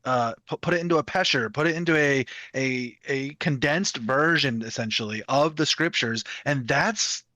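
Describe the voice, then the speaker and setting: A man's voice: mid-range voice, normal speed, few pauses, pushed and bright, no room sound. A man co-hosting, explaining in a rambling way with many fillers. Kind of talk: casual chat.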